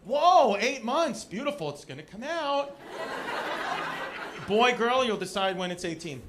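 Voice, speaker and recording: A man from Queens doing a stand-up comedy set, loud and animated, shouting punchlines and working the crowd on a comedy club stage. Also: sits high, a little slow, background noise. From Queens, New York. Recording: live club crowd laughing.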